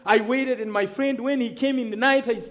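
A man's voice: very high-pitched, steady tone, moderate pace, fairly bright tone. A man from Rwanda, telling his testimony as a sermon, storytelling dramatically and calling out to the congregation for amens. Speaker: preacher giving testimony.

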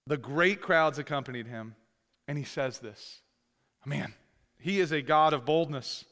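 A man preaching a sermon as pastor, talking conversationally and rising to loud, emphatic scripture reading. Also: fairly high pitch, slow pace, pauses often. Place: church sanctuary. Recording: long hall reverb.

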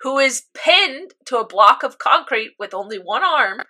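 A woman's voice: sits high, a little slow. A young woman in casual chat, animatedly recapping an anime episode and acting out her own reactions. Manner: animated storytelling, acts out reactions. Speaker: podcast co-host recapping an anime.

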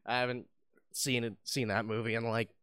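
A man's voice: medium pitch, little pitch movement, fairly quick, a bit bright, smooth, no room sound, studio quality. A young man co-hosting a casual gaming chat, reacting easily and swearing now and then. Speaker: podcast co-host.

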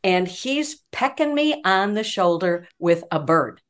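A woman in her sixties, a veteran reporter, telling an animated story as a podcast guest and filling her talk with "like" and "you know". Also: mid-range voice, a little slow. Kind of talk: casual storytelling chat.

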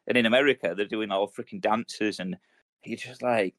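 A man's voice: fairly low pitch, fairly even intonation, a bit bright, no echo. A man in his thirties, co-hosting a podcast, telling rambling, slang-heavy stories full of swearing. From United Kingdom. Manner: rapid, rambling storytelling with lots of swearing and military slang. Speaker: podcast co-host. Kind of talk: casual chat.

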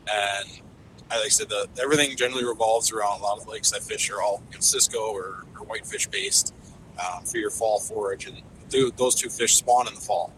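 A man's voice: fairly low pitch, a little fast, a bit bright, a little hiss or hum, poor audio. A man, a fishing guide, talking in a casual podcast interview, enthusiastic and rambling with lots of fillers and restarts.

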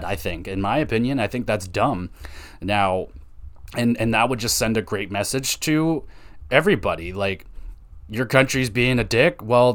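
A young man from Canada hosting a casual solo hockey podcast, ranting with exasperation and plenty of swearing. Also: fairly low pitch. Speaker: podcast host.

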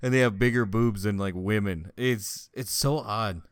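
Guy swearing a lot and laughing while telling a gym story, smooth clear voice, dry recording. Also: lowish voice, moderate pace, dry recording. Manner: profane, laughing, animated storytelling. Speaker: friend chatting. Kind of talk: casual chat, storytelling.

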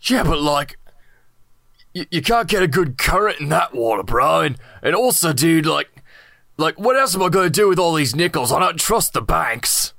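A man's voice: a little high, big pitch swings, normal speed, vocal fry, bright, forceful tone, dry recording, exaggerated voice. A man voicing a laid-back young male surfer dude, drawling and slangy during an improvised tabletop role-play. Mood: mellow, drawling. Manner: drawling, slangy, says bro a lot.

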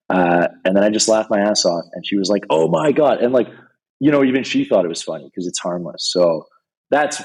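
A man appears as a podcast guest, telling long, rambling stories in a relaxed way and saying "like" a lot. His low, darkish voice has a breathy edge, and the recording is rough.

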